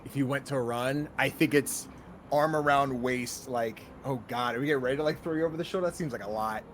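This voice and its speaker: A man playing in a tabletop game, talking casually and jokingly, with quiet asides and loud outbursts. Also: mid-range voice, fairly quick, a little hiss or hum. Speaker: player.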